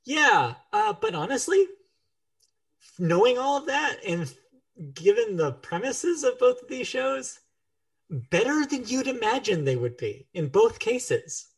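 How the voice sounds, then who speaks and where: A man co-hosting a TV review podcast, quick to react and chuckle. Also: very high-pitched, sing-song, slightly rough, far from the mic. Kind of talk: casual chat.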